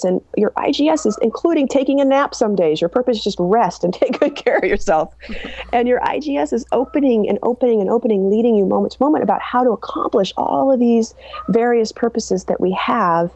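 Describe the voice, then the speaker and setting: A woman author and coach answers interview questions animatedly, telling stories about clients and acting out the people she quotes. Her voice is a little high and fairly quick, with no room sound and a lo-fi quality.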